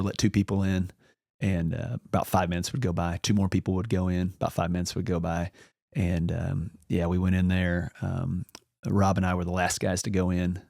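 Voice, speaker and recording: A man's voice: low voice, creaky, a little mellow, no room sound, studio quality. A man as a podcast guest, telling a long story in a casual, rambling way and acting out the lines of the people in it. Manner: rambling anecdotal, acts out quoted dialogue.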